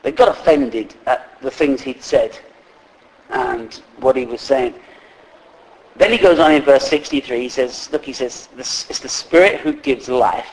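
Male preacher, mid pitch, chatty and halting sermon delivery. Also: poor audio. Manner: conversational, halting with fillers and restarts.

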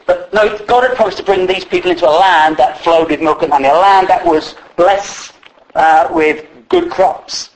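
A man's voice: on the high side, normal speed, rough recording. A man preaching a sermon in a conversational way, with many fillers and restarts.

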